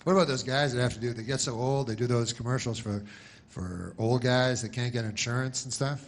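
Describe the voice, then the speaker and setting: A man doing a stand-up comedy set, rambling and deadpan, halting with many restarts. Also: medium pitch, a little hiss or hum.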